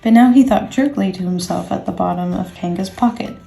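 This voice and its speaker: A woman reading a children's book aloud with gentle, expressive storytelling. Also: mid-range voice, brisk, gravelly, few pauses. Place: indoors, workspace. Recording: echoey room, faint music.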